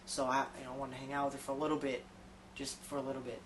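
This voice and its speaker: A man's voice: medium pitch, monotone, very fast, a little hiss or hum. A man telling a comic story about himself in a casual, profane, rambling, self-deprecating way.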